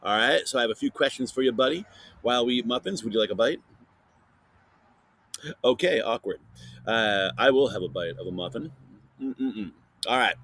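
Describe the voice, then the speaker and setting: A man hosting a casual science podcast for kids, playfully interviewing a silent guest and filling pauses with chatter. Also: medium pitch, lively intonation, a bit bright, a little hiss or hum. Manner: chatty with many fillers. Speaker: podcast host.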